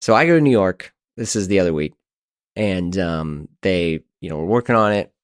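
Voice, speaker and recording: A man in his thirties hosting a podcast, telling a story in an animated, exasperated, self-mocking way. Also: deep voice, normal speed, smooth, no echo, clean studio sound. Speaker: podcast host. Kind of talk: casual storytelling monologue.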